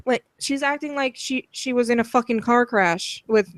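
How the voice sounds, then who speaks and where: A woman's voice: on the high side, a little slow, dry recording. A woman co-hosting a casual commentary chat, talking bluntly, swearing freely and rambling with fillers. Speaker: co-host.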